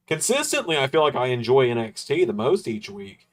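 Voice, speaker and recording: A man's voice: medium pitch, big pitch swings, a little fast, few pauses. A man hosting a livestream watch-along, chatting casually in a rambling, laid-back way with the occasional chuckle. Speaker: livestream host. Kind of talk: casual chat during a wrestling watch-along.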